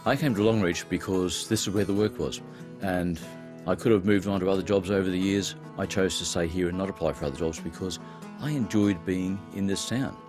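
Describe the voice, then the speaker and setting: A man in his seventies with an Australian accent, a former radio broadcaster giving measured, heartfelt interview answers that turn emotional. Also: low voice. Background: music.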